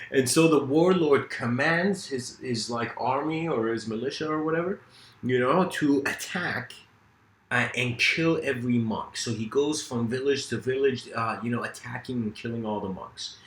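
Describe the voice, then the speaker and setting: A man's voice: medium pitch, moderate pace, a bit bright, reverberant, rough recording. A man giving a casual philosophical lecture, telling a story loosely with many fillers.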